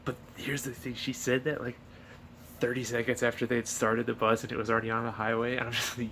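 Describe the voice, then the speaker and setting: Gravelly man rambling through a review. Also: medium pitch, flat delivery, fairly quick, fairly bright tone, a little hiss or hum. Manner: rambling, profane, many fillers and restarts. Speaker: movie reviewer. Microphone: camera filming himself.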